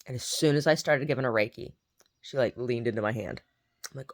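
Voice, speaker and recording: A woman's voice: very deep voice, a little fast. A woman who paints, chatting casually to camera in a rambling way, often repeating herself. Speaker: painter vlogging her day. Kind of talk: casual chat.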